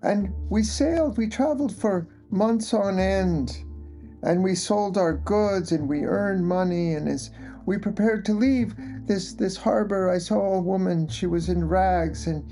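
Old merchant recounting his tale, slow, gravelly, earnest, as a storyteller puts him on, faint guitar behind. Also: mid-range voice, warm tone, close to an everyday voice.

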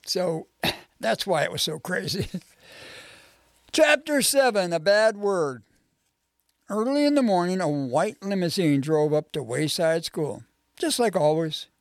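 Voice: medium pitch, creaky, no room sound, studio quality. A reader casually reading a children's chapter book aloud, laughing now and then between lines.

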